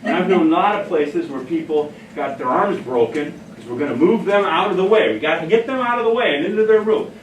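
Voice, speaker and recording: A man with a fairly high voice runs a training workshop, telling stories in a casual, self-mocking way. He is picked up from across an echoey room. A faint hum of room noise sits behind him. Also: brisk, few pauses, dull audio. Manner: casual, anecdotal, laughs at own stories. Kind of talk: workshop talk. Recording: echoey room, heard from a distance.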